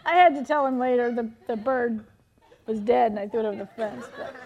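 A middle-aged woman preaching a sermon, telling animated personal stories with frequent laughter. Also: fairly high pitch, brisk, highs cut off, some chatter behind.

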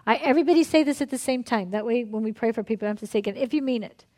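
Female pastor, slightly high-pitched; conversational sermon with frequent laughs, softer when leading prayer. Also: racing. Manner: lively, laughing often, conversational preaching; drops to a soft, hushed tone in prayer. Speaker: pastor leading a ministry night.

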